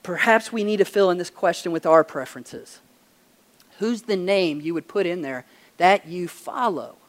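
Emphatic man preaching a sermon. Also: high-pitched. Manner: conversational storytelling preacher, emphatic questions. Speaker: pastor.

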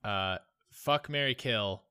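A man's voice: lowish voice, slow pace, pushed and bright, smooth. A man co-hosting a podcast, bantering casually and swearing freely in joking chat. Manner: profane, jokey banter. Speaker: podcast co-host.

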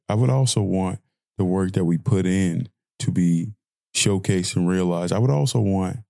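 A young man hosts a podcast in a deep, creaky, slightly mellow voice, recorded at studio quality with no echo. He delivers an impassioned audio-diary rant, repeating phrases again and again.

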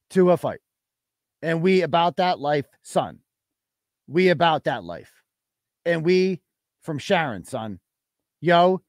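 A man's voice: a little high, no room sound, studio quality. A man voicing a swaggering, tough-talking street caller with a slangy, exaggerated manner.

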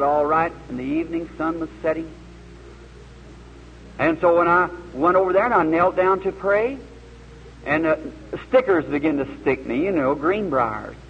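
Male preacher, dramatic storyteller; high-pitched, faint hum behind, reverberant hall. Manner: folksy, earnest, dramatic retelling with quoted voices. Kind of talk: sermon storytelling. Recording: muffled old tape in a hall.

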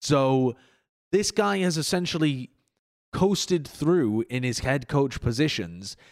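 Opinionated male esports panelist, casual and slangy. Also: fairly high pitch. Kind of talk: casual esports analysis chat.

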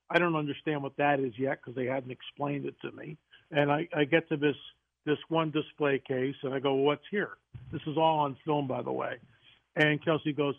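A man, a guest author on a radio interview, telling stories in an animated way with quick restarts. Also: on the high side, creaky. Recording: tinny phone line.

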